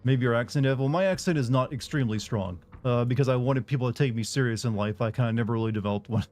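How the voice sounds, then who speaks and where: A man's voice: mid-range voice, fast talker, darkish tone. A man with a mild Southern US accent doing casual let's-play commentary, chatting with viewers and swearing at the game. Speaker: streamer.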